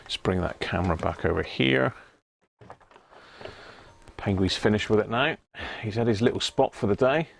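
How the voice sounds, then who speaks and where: A man's voice: fairly low pitch, moderate pace, creaky, long pauses, slight background noise. A man hosting a casual live stream about restoring an old radio, chatty and greeting viewers by name as he works.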